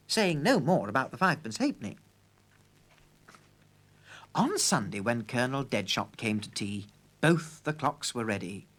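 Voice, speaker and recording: A man narrating a children's story in a lively, playful way. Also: mid-range voice.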